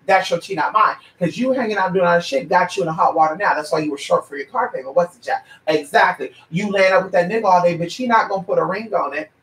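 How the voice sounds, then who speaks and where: A man's voice: sits high, quick pace, hardly any pauses, fairly bright tone, recorded from a distance. A man ranting in a blunt, profane and sassy way, lecturing a listener as a paid advisor. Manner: brassy, profane, sassy and preachy. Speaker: paid advisor answering viewer questions. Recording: echoey room, away from the mic.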